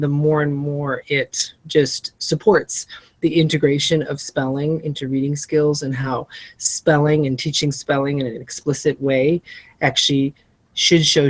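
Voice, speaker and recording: A reading teacher walking colleagues through a spelling lesson, spelling words out letter by letter and enunciating each syllable, with friendly asides. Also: mid-range voice. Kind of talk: lesson-prep walkthrough.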